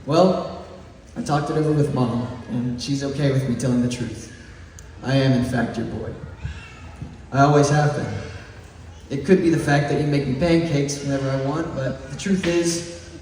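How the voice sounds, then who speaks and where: This East Texas valedictorian, around eighteen, has a mid-range voice with a darkish tone. His graduation speech blends heartfelt sentiment with humor, and he chuckles while phrasing things slowly and deliberately. The recording sounds far off in a big echoing hall or gym, with faint noise underneath.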